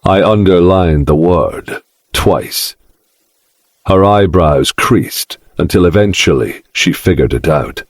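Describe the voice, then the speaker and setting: Deep, unhurried, husky male narrator for a brooding romance audiobook, dry close mic. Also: dry recording. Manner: slow, brooding, dark delivery.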